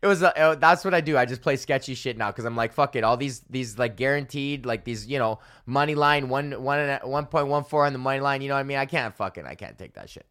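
A man's voice: medium pitch, animated, quick pace, hardly any pauses, a bit bright. A young man, a stand-up comedian, ranting casually and sarcastically, swearing often and sounding exasperated. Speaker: podcast host and stand-up comedian.

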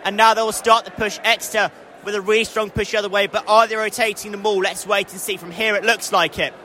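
A young male rugby commentator with a high, bright voice calls the action live from an open-air stand. He turns excitable and shouts when play nears the try line. Faint ambient noise sits behind him. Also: fast talker. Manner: excitable, rising to shouts at scores. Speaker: match commentator. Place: outdoor stadium stand.

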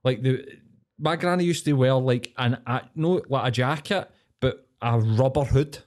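Young Glaswegian man, podcast co-host, loose sweary banter at a middling pitch. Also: moderate pace, darkish tone. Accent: Glaswegian Scottish. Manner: sweary, laughing, broad slang. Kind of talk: casual chat.

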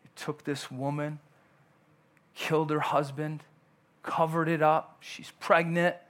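Pastor guy preaching, fairly high voice, chatty, acts out little bits of dialogue. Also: level tone, slow, fairly bright tone. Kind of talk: sermon. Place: church.

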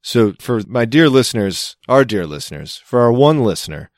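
A man's voice: medium pitch, sing-song, normal speed, no room sound, clean studio sound. A man co-hosting a podcast, telling stories in a laid-back, teasing way. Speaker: podcast co-host. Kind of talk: casual chat.

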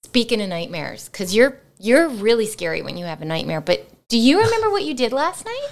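Giggly, animated woman podcast co-host. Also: on the high side, brisk, vocal fry. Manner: animated storyteller, laughs often. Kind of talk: casual chat.

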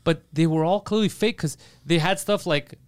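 A man's voice: a little high, clear, resonant tone, no room sound. A man co-hosting a podcast, telling a story in casual banter, quoting people and swearing as he laughs. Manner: fast, animated, swears, quotes others with laughter. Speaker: podcast co-host.

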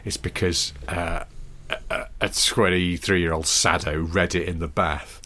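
A man's voice: sits low, steady tone, unhurried, bright, forceful tone. A man co-hosting a podcast, chatting casually in a wry, rambling, drily jokey way. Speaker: podcast co-host. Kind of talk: casual chat.

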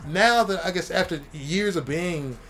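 A middle-aged man who works as a comic artist, talking casually in a rambling, profane, animated way. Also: sits high, unhurried, a little hiss or hum. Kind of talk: casual chat.

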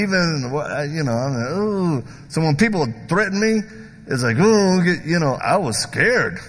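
A man preaching a sermon who tells stories in an animated, joking way and acts out the voices of the people in them. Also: fairly high pitch. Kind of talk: sermon with storytelling. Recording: long hall reverb.

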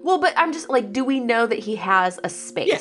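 A woman in a tabletop game, joking around and chatting with lots of animation. Her voice sits a bit high and moves all over the place. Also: lively intonation, normal speed, fairly bright tone, soft background music. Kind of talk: casual chat in a tabletop game.

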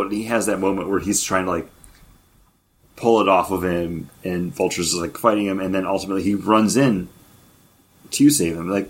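A man from New York talks film in a casual, wry way. His voice sits a little low and has a husky grain. He comes across as opinionated. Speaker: podcast co-host.

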